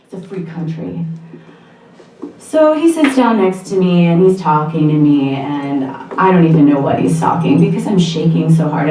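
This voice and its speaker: A woman's voice: low voice, warm tone. A young woman telling a candid, self-deprecating personal story on stage at a live storytelling night, laughing often. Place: bar, live storytelling event. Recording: roomy bar echo, distant mic.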